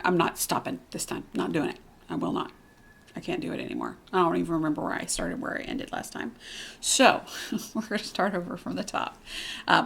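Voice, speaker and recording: A woman's voice: fairly low pitch, gravelly. A woman hosting her own cross stitch channel, chatting casually from home in a candid, rambling way, full of ums and restarts. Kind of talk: casual rambling vlog chat. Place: at home, cat nearby.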